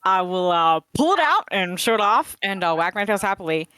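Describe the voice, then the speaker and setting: A woman's voice: medium pitch, big pitch swings, a little fast, fairly bright tone, smooth, no room sound. A woman playing a tabletop game, talking in a playful, upbeat way. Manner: playful and upbeat, often laughing. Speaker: player.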